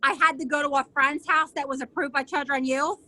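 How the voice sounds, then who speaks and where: Middle-aged woman, high bright voice, indignant storyteller, dry close sound. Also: fairly quick, no echo. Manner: animated, acts out other people's lines. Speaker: interview guest. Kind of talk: emotional personal storytelling.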